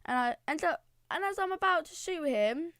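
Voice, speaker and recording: A woman excitedly rambling through a casual gaming storytime. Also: extremely high pitch, moderate pace, no echo, clean studio sound. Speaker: channel creator.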